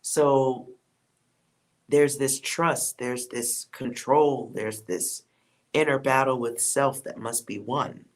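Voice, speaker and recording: A man's voice: mid-range voice, steady tone, slow. A man giving a casual spoken tarot reading, blunt and preachy, with frequent swearing. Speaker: tarot reader.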